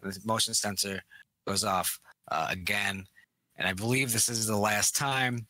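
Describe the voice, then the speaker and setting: Bright-voiced man retelling a movie. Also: lowish voice, measured pace, dry recording. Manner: animated retelling, acts out characters' lines, swears freely. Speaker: podcast co-host. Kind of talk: casual movie review chat.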